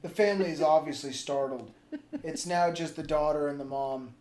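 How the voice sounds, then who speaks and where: A man's voice: on the high side, normal speed, a little mellow. A man co-hosting a comedy podcast, casually spinning a crude, gory improvised story. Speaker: podcast co-host. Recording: roomy echo with faint background noise.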